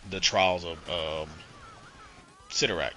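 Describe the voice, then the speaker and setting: A man with a low-pitched, forceful voice talks through comic book storylines on a casual podcast. He rambles, circles back on himself, keeps dropping "you know" and swears freely. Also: fairly even intonation, slow, poor audio. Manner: rambling retelling, heavy on "you know" and profanity. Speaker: podcast co-host.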